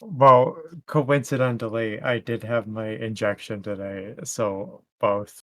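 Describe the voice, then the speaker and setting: A man's voice: on the low side, fairly even intonation, slow, a bit bright, dry recording. A tired man calling into a livestream over a voice call. He chats casually, apologetic and playful. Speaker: caller on stream. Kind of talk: casual chat.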